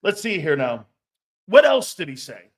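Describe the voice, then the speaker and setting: A man's voice: on the high side, big pitch swings, moderate pace. A man hosting a casual sports talk show, joking, rambling and laughing often between his points.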